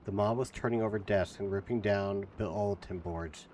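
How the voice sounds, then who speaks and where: A man streaming himself reading a novel aloud, speaking softly to his chat. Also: lowish voice, normal speed, slight background noise. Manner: softly spoken.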